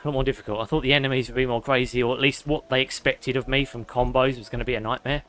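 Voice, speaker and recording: A young gaming streamer offers casual live commentary while playing a video game, reading chat aloud and swearing now and then. His medium-pitched voice is fairly bright and fairly even in intonation, and he talks rapid-fire. Game music plays in the background.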